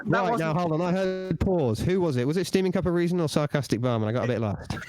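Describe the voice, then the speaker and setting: Lively man hosting a chat. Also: a little high, fast talker, faint music behind, rough recording. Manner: lively, jokey, directs the talk. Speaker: host. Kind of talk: live round-table chat.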